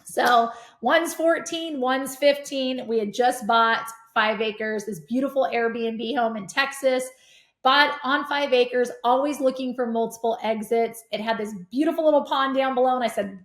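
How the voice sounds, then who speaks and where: A middle-aged woman telling stories as a podcast guest, energetic and animated. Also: a little high, measured pace. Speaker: podcast guest, real estate investor. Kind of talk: casual conversation. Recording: roomy echo.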